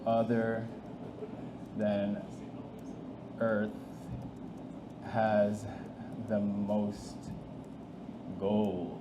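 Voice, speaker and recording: A man's voice: fairly low pitch, completely flat delivery, extremely slow, long pauses. A man presenting a live demo of AI agents to an audience, talking casually, thinking aloud and restarting often. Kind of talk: live tech demo talk. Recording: echoey hall with faint noise.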